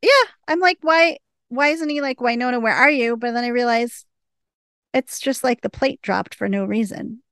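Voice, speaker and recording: Brief: woman co-host, vocal fry, dry close sound, chatty scene-by-scene recap. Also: a little high, normal speed, no room sound. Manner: retells scenes quoting characters, chatty. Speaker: podcast co-host. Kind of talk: casual episode recap.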